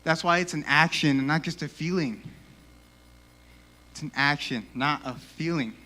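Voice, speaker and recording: A young man giving a casual, animated youth sermon in a church, peppered with "like," and a little out of breath. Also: fairly high pitch, moderate pace. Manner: casual, animated, lots of 'like'. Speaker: youth speaker.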